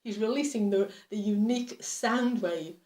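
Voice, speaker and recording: A woman's voice: medium pitch, moderate pace. A woman pastor teaching a Bible study with enthusiasm, sometimes tripping over her words. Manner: enthusiastic, stumbles over words when excited. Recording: roomy, distant from the mic.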